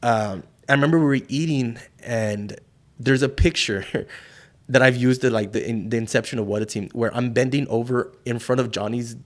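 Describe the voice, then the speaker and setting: A man's voice: mid-range voice, moderate pace. Middle-aged south texas guy, wrestler telling stories on a podcast, swears a lot, does the voices of people he quotes. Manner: profane, animated, acts out quoted voices. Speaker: wrestler and guest. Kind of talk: casual storytelling interview.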